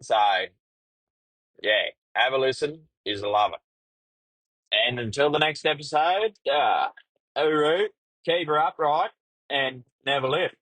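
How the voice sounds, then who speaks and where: A man's voice: on the high side, unhurried, pauses often, a bit bright, no room sound, rough recording. A middle-aged Australian man hosting a podcast, telling a casual, crude story from his truck-driving days and swearing freely. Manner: crude, swears freely, laid-back yarning. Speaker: podcast host; truck driver.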